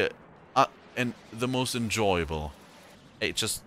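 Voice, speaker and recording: Guy playing a game and yelling at it, kinda low voice, talks real slow, swears a lot. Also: animated, slight background noise. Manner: joking, rambling reactions. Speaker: let's play gamer. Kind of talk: casual gameplay commentary.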